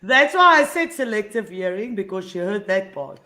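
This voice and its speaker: A woman co-hosting a casual morning show, throwing in quick teasing quips. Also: mid-range voice, big pitch swings, sharp tone. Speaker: co-host.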